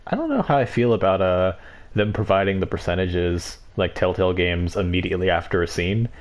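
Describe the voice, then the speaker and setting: A man's voice: low voice, expressive, a little fast. A man streaming a video game, giving casual, joking commentary with chatty asides. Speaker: livestreamer.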